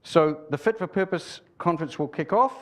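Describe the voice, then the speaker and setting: A man's voice: a little high, normal speed. A man opening a conference and formally introducing the guest speaker. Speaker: conference host.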